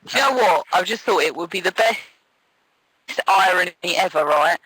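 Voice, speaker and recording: A man with an English accent co-hosting a casual radio show, teasing his partner with quick questions. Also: sits high, bright, forceful tone, husky, no room sound, rough recording. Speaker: radio co-host. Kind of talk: casual chat.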